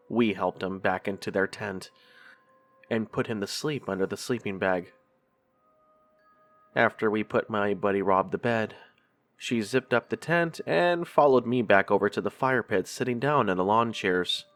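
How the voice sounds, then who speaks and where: Low-voiced man narrating a horror story. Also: normal speed, a bit bright, faint music behind. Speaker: horror podcast host reading stories.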